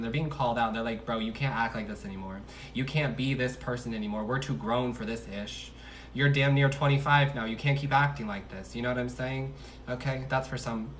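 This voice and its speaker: This tarot reader, a man with a mid-range voice, sits far from his phone's mic during a livestream, with a little background noise. He keeps the reading casual, chatty and slangy, laughing at himself over his own asides.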